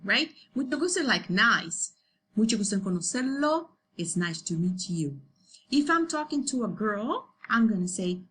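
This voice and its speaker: Teacher lady, kinda high voice, slows way down on the words, says okay a lot, faint hum. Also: a bit bright. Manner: repeats "okay?" often, slows down to model pronunciation. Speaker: Spanish teacher. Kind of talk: recorded class lecture.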